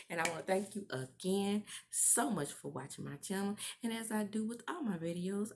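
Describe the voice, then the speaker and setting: Animated woman recapping a TV show. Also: mid-range voice, moderate pace, few pauses, a little hiss or hum. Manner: animated, laughing, acts out quotes in character. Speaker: TV recap vlogger.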